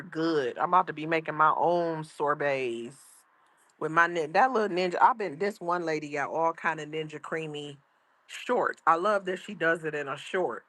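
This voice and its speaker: A woman's voice: sits low, normal speed, fairly bright tone, no echo. A grandmother streaming casually from home, chatting and reading her chat aloud. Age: older. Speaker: livestream host. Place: outdoors at home.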